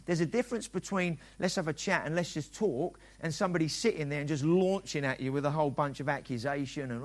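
A middle-aged pastor delivers a sermon in a relaxed, chatty way. His voice sits a little high for a man, and he slips into little acted-out exchanges to make his points. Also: fast talker, hardly any pauses. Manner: conversational preaching, acts out quoted dialogue.

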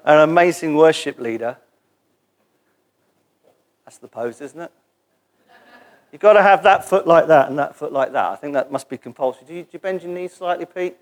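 Man, preacher, sermon, high voice, animated, playful, call-and-response with congregation. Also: normal speed. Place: church gathering before a congregation.

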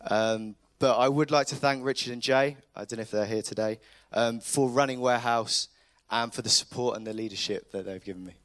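A man's voice: mid-range voice, fairly quick, hardly any pauses, a bit bright, no room sound. A young man speaking earnestly and a little hesitantly at a church service. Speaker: youth group member giving testimony.

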